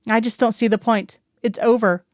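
A woman reading the lines of a calm female FBI agent who speaks evenly, with quiet certainty. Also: on the high side, normal speed, no room sound, studio quality, close to an everyday voice. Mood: controlled.

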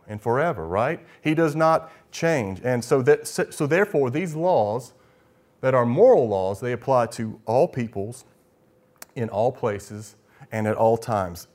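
A man's voice: on the low side, darkish tone. A man preaching a teaching sermon as pastor, explaining step by step and posing rhetorical questions, with frequent restarts.

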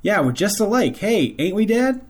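A man's voice: sits high, big pitch swings, normal speed, darkish tone, voice pushed up. A man voicing an eager little boy who imitates his dad, in a cheerful, bragging singsong. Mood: proud.

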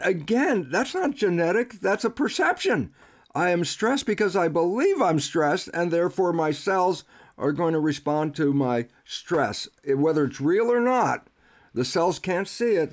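An older man, a biologist guest, explaining science in an animated way and acting out questions and answers with himself. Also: a little high. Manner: animated storyteller, acts out dialogue with himself.

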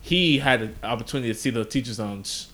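A man co-hosting a podcast, rambling through a casual recap and slipping into quick voices for the characters. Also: medium pitch, expressive, pushed and bright. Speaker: podcast co-host. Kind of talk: casual chat, recapping episodes.

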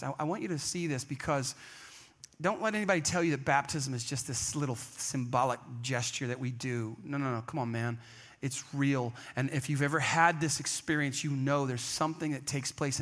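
A man preaching a sermon in a conversational, energetic storytelling way, often acting out the people he quotes. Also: mid-range voice, brisk. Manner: conversational, acts out quoted voices. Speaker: pastor.

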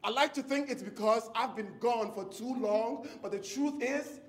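A man's voice: very high voice, normal speed. A man from Ghana with a Ghanaian accent performing spoken word poetry with a rhythmic, impassioned delivery.

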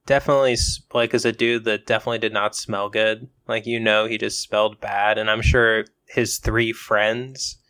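A man's voice: on the low side, little pitch movement, normal speed, hardly any pauses, bright, forceful tone, clean tone. A man co-hosting a podcast in casual banter, rambling in a crude way with lots of "like". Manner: rambling, crude, uses "like" a lot.

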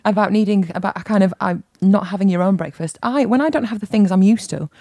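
A woman's voice: medium pitch, fast talker, a little mellow, no room sound. Wry woman co-host. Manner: wry, teasing, many fillers. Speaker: podcast co-host. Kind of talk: casual chat.

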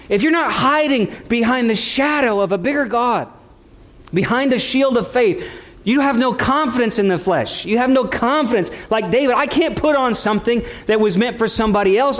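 A man with a notably high-pitched voice preaches with real fervor. He drops into hushed, low stretches and then climbs into emphatic, rising peaks. Casual asides keep it conversational. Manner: impassioned, swings between quiet lows and rising emphatic peaks. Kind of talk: sermon.

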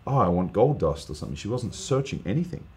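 A man, a guest preacher, telling an earnest, animated testimony story in casual podcast chat, with lots of fillers. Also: on the low side, fast.

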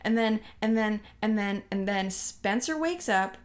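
A woman co-hosting a podcast in casual chat, excitable and swearing a lot. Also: medium pitch, unhurried. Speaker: podcast co-host.

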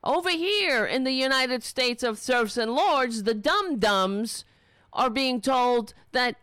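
A woman's voice, slightly high and swinging widely in pitch, tears into her subject with sarcasm and swearing. She takes her time, dragging out her indignant points, and the recording is close and dry with no room sound. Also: very animated, takes it slowly, a bit bright, no echo. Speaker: political commentator. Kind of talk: angry political rant.

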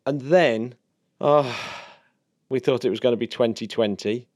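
A man's voice: medium pitch, measured pace, darkish tone, dry recording, clean studio sound. A man co-hosting a podcast in casual, enthusiastic, jokey chat. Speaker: podcast co-host.

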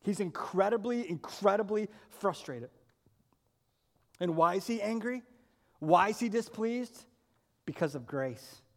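High-voiced man preaching in a reverberant hall. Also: animated, a little slow, long pauses. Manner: earnest and emphatic, uses repeated rhetorical questions. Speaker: pastor. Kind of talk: sermon.

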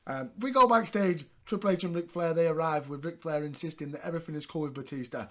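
A man hosts a casual recap podcast, chatty and sweary, and laughs often. His voice sits a touch higher than usual for a man. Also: quick pace, hardly any pauses, a bit bright. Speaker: podcast host.

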